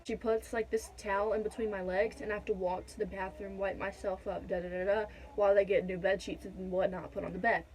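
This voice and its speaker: A woman's voice: mid-range voice, flat delivery, brisk, hardly any pauses, a little mellow, slight background noise, poor audio. A young woman telling a personal story to her viewers in a chatty, direct way, filling gaps with "da da da.". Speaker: vlogger. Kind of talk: casual storytime.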